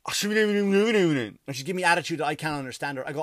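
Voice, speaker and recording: A man's voice: on the high side, brisk, fairly bright tone, no room sound, clean studio sound. A tired man, a comedian, telling a story in a casual, profane, ranting monologue.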